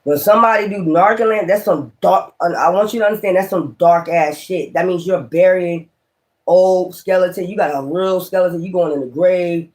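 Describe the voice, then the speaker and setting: Man, tarot reader, high-pitched, swears freely, exclaims and rambles. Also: moderate pace. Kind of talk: casual tarot reading.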